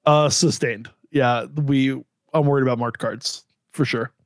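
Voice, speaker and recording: A man on a podcast as a guest, chatting casually with wry, deadpan humor. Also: mid-range voice, measured pace, no room sound, studio quality.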